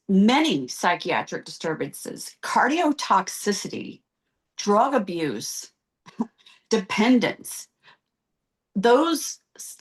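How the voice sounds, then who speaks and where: A middle-aged woman, a guest on a podcast interview, speaking earnestly and with emotion, rattling off long lists of terms. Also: lowish voice.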